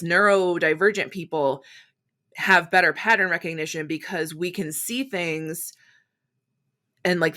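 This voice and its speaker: A woman hosting a podcast, talking frankly and chattily in a solo monologue, with casual swearing and quick acted-out asides. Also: lowish voice, bright, forceful tone. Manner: acts out quoted voices in quick asides. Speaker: podcast host.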